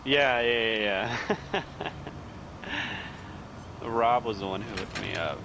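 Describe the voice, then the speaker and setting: A man who has just woken up, with a husky voice, chatting loosely in online voice chat while gaming, rambling and swearing. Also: mid-range voice, takes it slowly. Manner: loose, profane, rambling, with filler words. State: groggy and husky, just woke up. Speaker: gamer in voice chat. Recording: loud background noise.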